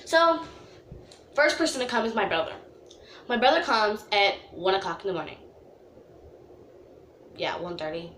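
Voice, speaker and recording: A young woman telling a storytime vlog, chatty with lots of "like", dramatically reenacting herself wailing in a high voice. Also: moderate pace, pauses often, fairly bright tone, reverberant, slight background noise. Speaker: vlogger.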